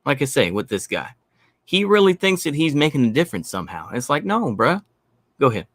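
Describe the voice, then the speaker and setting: A man's voice: mid-range voice, sing-song, fairly quick, no echo. A man hosting a stream, ranting bluntly and profanely in commentary, repeating his points. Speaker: stream host.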